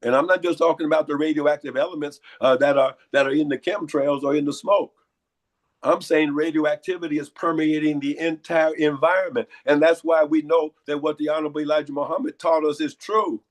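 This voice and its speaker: A man with a hoarse, congested voice pitched a little high. He talks in a lecturing way as an interview guest, piling up pointed rhetorical questions. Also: steady tone, a little fast.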